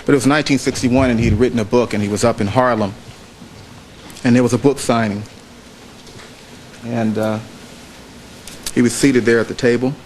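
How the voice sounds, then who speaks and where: Male trial lawyer, courtroom closing argument; measured, repetitive emphasis, mid-range voice. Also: mid-range voice, steady tone, darkish tone, slight background noise, rough recording. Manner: measured, repeats phrases for emphasis.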